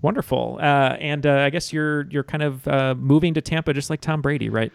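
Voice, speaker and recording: A man hosting a trivia podcast in casual chat, relaxed and filler-heavy. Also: on the high side, a little fast, creaky, clear, resonant tone, no echo.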